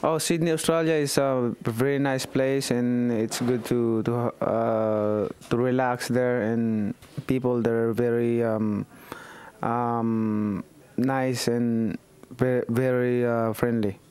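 A man from the Philippines, answering interview questions hesitantly with many pauses. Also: medium pitch, little pitch movement, darkish tone, clean tone. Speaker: boxer and politician.

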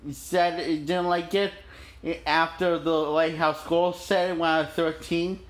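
A young man recording a casual video message in a soft, childlike voice, with halting restarts and repeated words. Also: on the high side. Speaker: vlogger.

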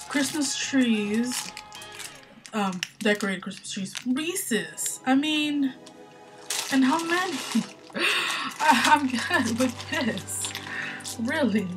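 A young woman in a casual vlog, opening gifts with gushing, excitable delight and repeating herself often. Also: a little high. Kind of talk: casual gift unboxing vlog.

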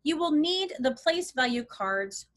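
A middle-aged woman giving a step-by-step math lesson walkthrough for parents, clear and encouraging as she demonstrates on an abacus. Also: high voice, expressive, a little slow. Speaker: math curriculum instructor.

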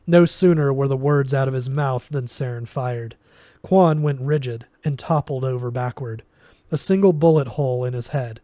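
A man reading a novel aloud in a steady storytelling manner, with occasional restarts. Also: mid-range voice, normal speed, no echo. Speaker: reader.

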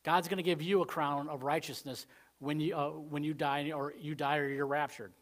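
Guy pastor going off in a wednesday church sermon, kinda high voice, says you know constantly, loud then quiet. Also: level tone, moderate pace. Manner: rambling, conversational, frequent "you know" fillers; swings between loud emphatic points and quiet asides.

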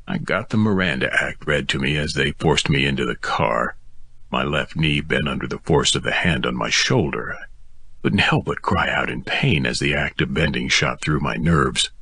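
A man narrating a first-person novel as an audiobook, in a gruff, weary telling. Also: extremely low pitch, pushed and bright, no echo.

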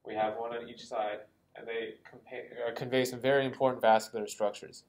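Drawing as he talks, a male anatomy lecturer walks through a lesson in a flat, mid-range voice at a slightly fast clip. He says um a lot and corrects himself in small ways. The recording quality is low.

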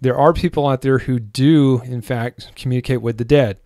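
A man teaching from the Bible in an earnest way, reading scripture aloud with pauses and fillers. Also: mid-range voice, fairly even intonation, warm tone, dry recording, clean studio sound.

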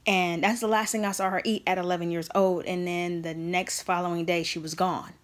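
A woman's voice: lowish voice, little pitch movement, a little fast. A woman vlogger talking straight to the camera, telling a personal story in an earnest and emphatic way.

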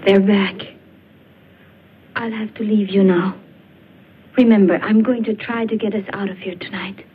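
A woman's voice: mid-range voice, steady tone, measured pace, pauses often, slightly rough. An actress playing a defiant young woman held captive, speaking urgently. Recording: tinny, echoey old film soundtrack.

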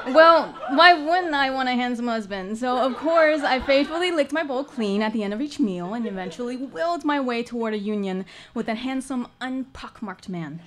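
A woman's voice: fairly high pitch, expressive, normal speed, a bit bright, slight background noise. A woman performing a personal story live at a storytelling showcase, with a wry, humorous delivery and dry asides.

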